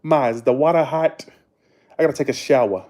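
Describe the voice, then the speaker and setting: A man putting on a loud, whiny Massachusetts accent, voicing a guy hollering to his mother about a shower. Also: mid-range voice, a little fast, lightly acted.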